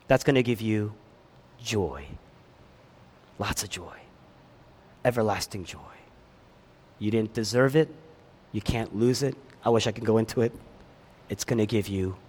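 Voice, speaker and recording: This pastor has a mid-range male voice. His sermon alternates between forceful, loud declarations and quiet passages, broken up by conversational remarks to the congregation.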